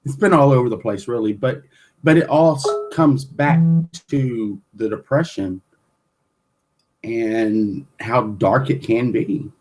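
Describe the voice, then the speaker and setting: A man's voice: medium pitch, slow, a little mellow. A man chatting casually, blunt and plain-spoken, swearing freely. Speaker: guest and co-host. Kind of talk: casual chat.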